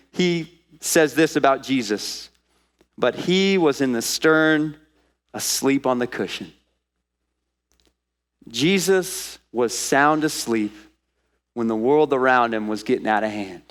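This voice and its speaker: A man preaching a sermon as pastor to a congregation in church, lively and acting out the voices he quotes. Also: mid-range voice. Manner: animated, acts out quoted voices.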